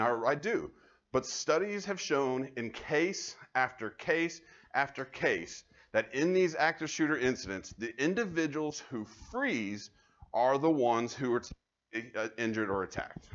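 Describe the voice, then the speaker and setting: A man, a police officer giving a live safety training talk, conversational and animated as he tells stories to the audience. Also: mid-range voice, highs cut off. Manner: conversational, animated storytelling, addresses the audience directly. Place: university room before an audience.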